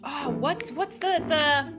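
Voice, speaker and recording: A woman's voice: sits high, takes it slowly, music in the background. A woman co-hosting a podcast, giving practical tips in an upbeat, emphatic casual chat. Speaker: podcast co-host.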